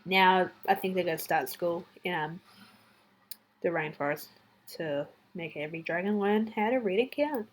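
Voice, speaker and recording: A woman with an Australian accent casually reading out facts in a chatty, excitable way, sometimes dropping into whispered asides. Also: on the low side, moderate pace, a little hiss or hum. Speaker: fan channel host. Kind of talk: casual fact-reading vlog.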